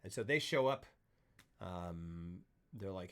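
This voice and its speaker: A man co-hosting a casual film talk stream, animated, retelling scenes with voices and sound effects. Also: sits low, slow pace. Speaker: podcast co-host. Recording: livestream.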